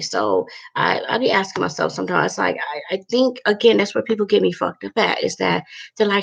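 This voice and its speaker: A woman's voice: lowish voice, moderate pace, gravelly, fairly bright tone, slightly rough. A woman talking candidly and bluntly to her viewers in a casual vlog, cursing freely and using lots of fillers. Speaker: vlogger.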